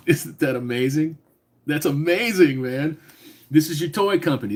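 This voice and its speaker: A man's voice: fairly high pitch, expressive, measured pace, pauses often. A man in his forties hosting a casual live stream, talking loosely with lots of swearing and reading out names from the chat. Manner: profane, rambling, reads chat names aloud. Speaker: livestream host.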